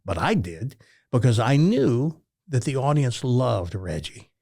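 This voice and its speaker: A man's voice: mid-range voice, unhurried, gravelly, slightly rough. An older man from Tennessee with a Southern accent, a former radio talk host telling folksy stories as an interview guest. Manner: folksy, animated storyteller. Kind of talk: storytelling interview.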